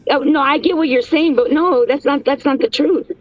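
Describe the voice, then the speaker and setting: A woman with a Texan accent, a podcast guest teasing the hosts with quick comebacks. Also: high voice, dull audio. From United States. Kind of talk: casual podcast banter.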